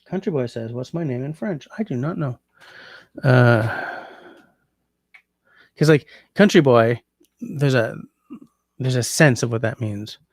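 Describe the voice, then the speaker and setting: Man, livestream host, casual chat, reads out comments, muses over French phrases, gravelly voice, dry close sound. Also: medium pitch, animated, takes it slowly, pauses often, dry recording. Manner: muses aloud, trying out French translations.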